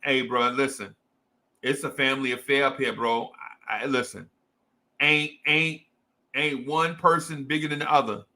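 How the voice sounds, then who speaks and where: A man's voice: mid-range voice, steady tone, normal speed, bright, forceful tone. A young adult man from New Jersey with a New Jersey accent, hosting a casual fan show in a slangy, repetitive, hype way. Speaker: sports show host. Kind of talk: casual livestream chat to fans.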